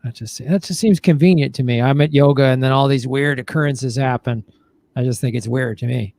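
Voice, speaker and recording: A man's voice: mid-range voice, fairly quick, creaky, a little mellow. A man hosting a casual live-stream chat, riffing jokingly and reading viewer comments aloud. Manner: jokey, riffing, reads chat messages aloud.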